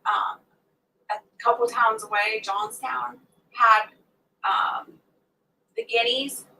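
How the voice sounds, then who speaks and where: A woman's voice: fairly high pitch, sharp tone. A woman hosting a casual morning chat from home, rambling through a story for her viewers. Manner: chatty, rambling storyteller who scolds her pets mid-sentence. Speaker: homesteading livestream host. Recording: distant mic with faint background hum.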